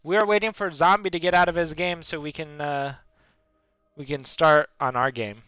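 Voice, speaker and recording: High, bright-voiced male gaming streamer. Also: normal speed, clear, resonant tone, dry recording, soft background music. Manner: excitable, jokey reactions to other players. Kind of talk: casual live-stream gaming chat.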